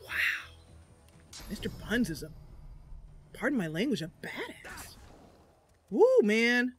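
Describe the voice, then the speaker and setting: A woman's voice: a little high, big pitch swings, takes it slowly, faint music behind. A woman streaming a roleplay game, chatting casually and laughing often.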